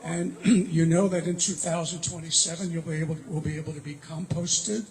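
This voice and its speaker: A man's voice: on the high side, fairly even intonation, moderate pace, crowd noise, poor audio. An older man, the honoree, speaking wryly to friends at a gathering on a handheld mic. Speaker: honoree and organization founder. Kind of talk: speech to an audience.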